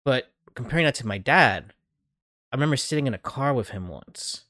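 A man's voice: medium pitch, animated, fairly quick, bright, forceful tone, no echo, studio quality. A young man hosting a podcast, talking frankly and with some self-deprecation in casual, profane chat. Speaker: podcast host.

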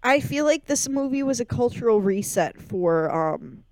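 A woman's voice: on the high side, big pitch swings, darkish tone, no echo. Woman cohost teasing her friend, snappy and sarcastic, dry mic on a call. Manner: sarcastic, quick to react, playful teasing. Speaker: podcast co-host. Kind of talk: casual chat. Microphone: remote call mic.

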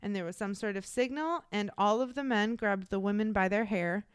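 A young woman co-hosting a podcast retells a true-crime story loosely and chattily, swearing bluntly and saying "like" constantly. Her clear, smooth voice is medium in pitch and normal in speed, recorded close and dry.

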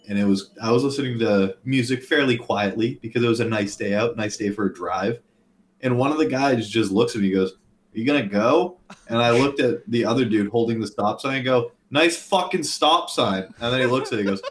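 A man's voice: medium pitch, a little fast, a little hiss or hum. Profane riled-up male podcast host. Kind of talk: casual chat. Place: lives in Maine.

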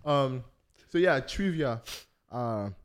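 A young man hosting a casual football podcast, animated and laughing often as he quizzes his friends. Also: mid-range voice, slow, clean tone. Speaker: podcast host.

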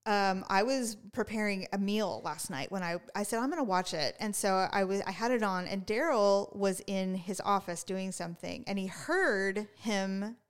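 A woman's voice: medium pitch, normal speed, hardly any pauses, clean tone. A woman co-hosting a podcast in casual chat, telling stories and acting out quotes. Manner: animated storyteller, acts out quotes. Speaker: podcast co-host.

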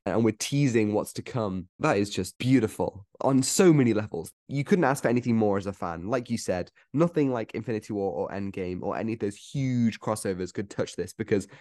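A man's voice: fairly low pitch, a little fast, hardly any pauses, a little mellow, no room sound, studio quality. A young man, a podcast co-host, gushing about a TV special in a rambling, enthusiastic way. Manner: enthusiastic, rambling, quotes lines in put-on voices. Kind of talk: casual review discussion.

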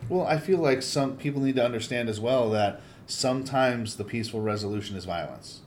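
A man's voice: medium pitch, a little fast, a little hiss or hum. A man who coaches sword fighting, a guest telling swear-laden stories in a casual podcast conversation. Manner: profane, animated storyteller.

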